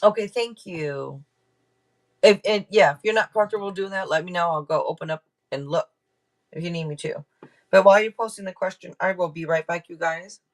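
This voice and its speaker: A woman with a lower-leaning voice speaks fairly quickly on a tarot live stream captured by a camera mic. Chatty with her viewers, she thanks donors, checks the chat, and keeps trailing off and restarting.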